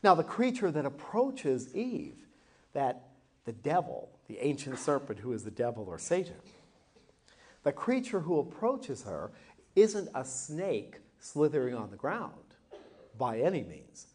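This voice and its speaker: Slow, animated male Bible teacher. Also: medium pitch, slightly rough. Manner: expressive storytelling, slows to dramatize quoted lines. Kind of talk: Bible class lesson with acted scripture reading.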